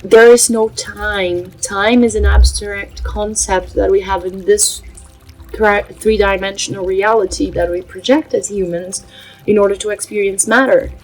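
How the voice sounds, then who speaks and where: A woman's voice: medium pitch, fairly even intonation, soft background music, poor audio. Earnest woman. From Brazil. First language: Portuguese. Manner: earnest, halting, many filler pauses. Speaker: spiritual channel host. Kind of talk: casual spiritual vlog talk.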